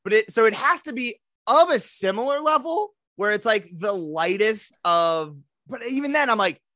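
A man's voice: high-pitched, animated, moderate pace, sharp tone, no echo, studio quality. A man in his thirties co-hosting a podcast, joking animatedly and acting out quoted voices in casual banter. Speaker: podcast co-host.

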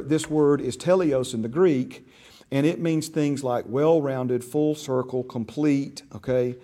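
A man's voice: medium pitch, a little mellow. Folksy man teaching a church class. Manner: checks in often with "right?" and "okay?"; folksy, with frequent restarts and repeated words.

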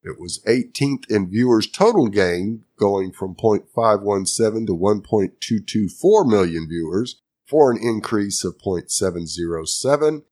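A man co-hosting a casual show, reading out ratings figures steadily and giving short replies. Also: on the low side. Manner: steady, brief agreeing replies. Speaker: podcast co-host.

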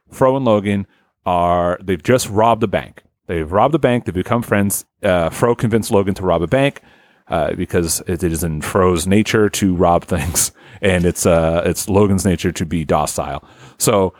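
A man's voice: fairly low pitch, dry recording, studio quality. A young man hosting a comedy podcast, telling a rambling improvised story in a casual, joking way. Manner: rambling, lively, with frequent filler and restarts. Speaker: podcast host.

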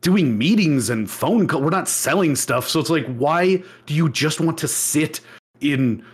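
A young man co-hosting a casual podcast, telling stories with lively swings into mocking voices. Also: on the high side, a little slow, husky. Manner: animated storyteller who swings into mocking voices. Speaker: podcast co-host. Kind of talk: casual chat.

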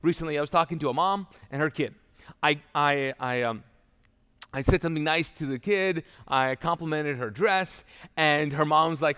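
A man's voice: on the high side, normal speed, a bit bright, clean tone. A male pastor giving a live sermon in a church, talking in a conversational storytelling way with restarts and asides. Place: church auditorium. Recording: long church hall reverb.

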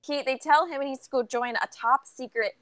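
A woman co-hosting a casual podcast, reacting with quick incredulous remarks and recapping the plot. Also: sits high, fairly bright tone. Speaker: podcast co-host. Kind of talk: casual chat.

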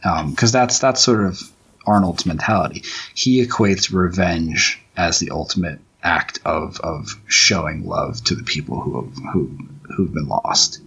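A man with a very deep, husky voice walks through his comic page by page. He rambles and stops to restart sentences, thinking out loud in a loose, casual way. The recording sounds a bit dull and muffled. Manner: rambling, halting, many restarts and fillers. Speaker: comic book writer. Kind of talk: commentary track, casual chat.

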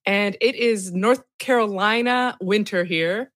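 Woman guest, mid-pitched voice, bubbly, laughs, dry close sound. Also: measured pace, fairly bright tone, dry recording. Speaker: podcast guest. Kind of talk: casual roundtable chat.

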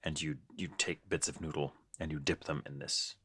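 A man's voice: a bass voice, fairly even intonation, moderate pace, sharp tone, husky. A man co-hosting a podcast in casual chat, playful and teasing, laughing often. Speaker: podcast co-host.

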